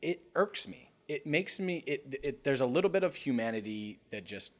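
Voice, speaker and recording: A young man from North Carolina, co-hosting a podcast in casual chat, emphatic and passionate and quick to swear. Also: medium pitch, animated. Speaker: podcast co-host.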